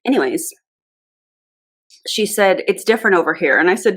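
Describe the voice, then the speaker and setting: A woman in her thirties talks straight to camera in a loose storytime vlog. She wanders off on tangents and acts out both sides of a conversation in her own mid-range voice. Her pitch sits right in the middle for a woman. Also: slow pace, pauses often. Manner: chatty and rambling, with quoted dialogue. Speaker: anti-MLM YouTuber.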